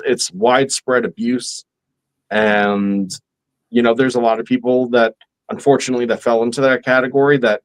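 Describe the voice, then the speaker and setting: A man hosting a casual talk show, speaking in a rambling, halting way with many restarts. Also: mid-range voice, low-quality recording. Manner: rambling, halting, restarts and "you know" fillers. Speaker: host.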